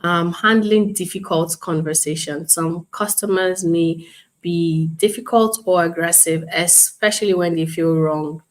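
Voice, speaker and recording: A woman instructor teaching an online class, speaking calmly and professionally, acting out customer calls as examples. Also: on the low side, a little slow. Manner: calm, explains with role-played customer examples. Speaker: bootcamp instructor.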